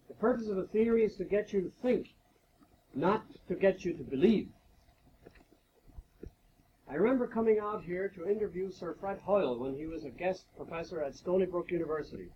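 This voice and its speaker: A man giving a measured, explanatory lecture-style talk at a faculty retreat, posing rhetorical questions as he goes. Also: high voice, a little hiss or hum. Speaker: guest speaker at a faculty retreat devotion. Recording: dull lo-fi 1980s tape recording.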